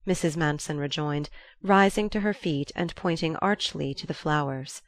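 A woman with a lowish voice narrates a classic novel in measured, even scripted narration. The recording is dry and close. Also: no room sound. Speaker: audiobook narrator.

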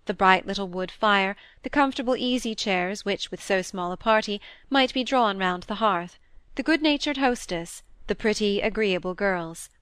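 A woman narrating a classic novel in a calm, even storytelling manner. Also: medium pitch, normal speed, smooth, no room sound. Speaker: audiobook narrator. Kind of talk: scripted narration.

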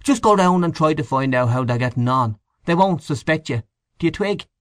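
A scornful middle-aged canvasser, voiced by a man reading aloud, sneers and grumbles about his neighbours. The pitch sits higher than the reader's own and swings about animatedly. The sound is dry, with no room around it. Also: expressive, moderate pace, dry recording, close to an everyday voice. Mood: indignant. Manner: sneering, indignant. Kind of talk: audiobook character voice.

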